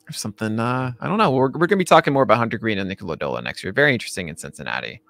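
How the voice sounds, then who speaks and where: A man co-hosting a casual baseball chat show, animated, laughing often and restarting his sentences. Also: lowish voice, rapid-fire, gravelly. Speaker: podcast co-host.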